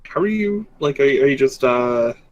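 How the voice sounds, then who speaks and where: Give me a laid-back man running a tabletop game, middle pitch, casual and halting. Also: expressive, highs cut off. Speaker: game master.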